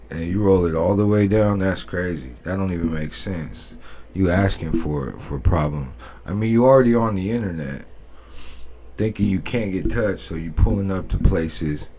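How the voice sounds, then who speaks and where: A man's voice: low voice, animated, moderate pace, dark tone. A man hosting a reaction video, giving laid-back, opinionated commentary and repeating his points. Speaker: reaction channel host.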